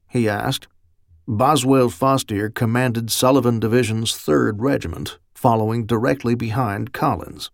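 A man giving steady, measured audiobook narration on a close studio mic. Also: medium pitch, creaky, no echo.

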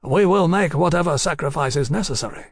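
A man's voice: on the high side, animated, dry recording, studio quality, pitched above the performer's own voice. A man putting on an earnest young envoy. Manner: earnest, emphatic, slow declarations. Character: earnest young male foreign envoy, idealistic.

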